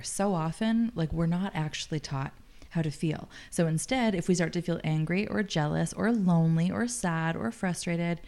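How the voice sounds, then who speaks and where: A woman's voice: lowish voice, mellow. A woman in her late thirties, speaking earnestly as an interview guest, often using "like" as a filler. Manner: earnest, thoughtful, frequent "like" fillers. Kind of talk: casual interview talk.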